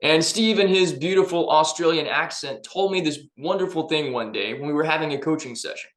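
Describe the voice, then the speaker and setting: A man's voice: fairly high pitch, fairly quick, fairly bright tone, roomy sound. A man giving an upbeat, emphatic motivational talk in a conversational way. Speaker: personal development vlogger.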